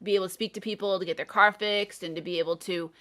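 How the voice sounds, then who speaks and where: A woman's voice: medium pitch, fairly even intonation, fast, fairly bright tone. A woman English tutor talking through a film in a thoughtful, explaining way. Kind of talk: casual chat about a film.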